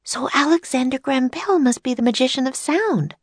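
A woman voicing an eager, curious young girl on an adventure, in a lively storybook character voice. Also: sits high, no echo, voice pushed up. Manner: excited, quick, bold.

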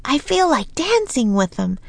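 A woman voicing an excited, eager young girl who shouts urgently in a storybook reading. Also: sits high, moderate pace, gravelly, dry recording, pitched above the performer's own voice, exaggerated voice.

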